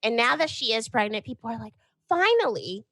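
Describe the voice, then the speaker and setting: A woman guesting on a podcast, chatting casually in an animated, opinionated way and acting out quotes. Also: fairly high pitch, quick pace, no echo.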